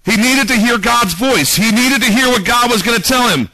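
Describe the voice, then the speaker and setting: High-voiced, bright-toned preacher man. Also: normal speed, no echo, rough recording. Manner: dramatic, acts out quoted prayers and voices. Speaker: pastor. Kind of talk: sermon. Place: church.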